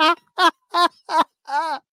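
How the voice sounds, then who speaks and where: A man's voice: very high-pitched, fairly even intonation, very slow, bright, forceful tone, no room sound. A man co-hosting a casual chat, telling funny stories and breaking into heavy laughter. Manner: laughs heavily while telling anecdotes. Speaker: podcast co-host.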